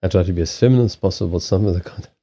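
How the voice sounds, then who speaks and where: A man's voice: low-pitched, very fast, warm tone, breathy edge. A man chatting casually on a live stream from a desk in a small home, rambling through restarts and swearing freely. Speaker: live streamer and card reader. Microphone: desk microphone on a stand.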